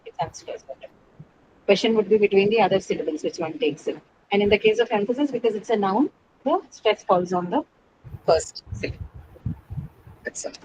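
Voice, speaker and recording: Woman English teacher, online class; methodical, question-and-answer delivery, repeats key words, steady hiss behind. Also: medium pitch, normal speed, long pauses, rough recording. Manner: explains step by step, asks questions then answers them. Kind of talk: online pronunciation lesson. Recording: steady background noise.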